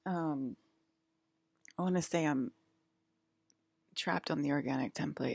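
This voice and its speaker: A woman vlogger talking to her viewers in a hesitant, halting way, shaken and feeling sick. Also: low voice, vocal fry, a little mellow, slightly rough, no room sound. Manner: hesitant, halting, shaky and upset. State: shaky and nauseous. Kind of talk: casual talk to camera.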